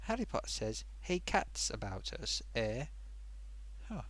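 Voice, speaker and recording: Chatty, animated man hosting a live stream. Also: mid-range voice, measured pace. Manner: rambling, chatty, self-amused, many fillers. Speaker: live-stream host reading viewer comments. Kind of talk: casual live-stream chat.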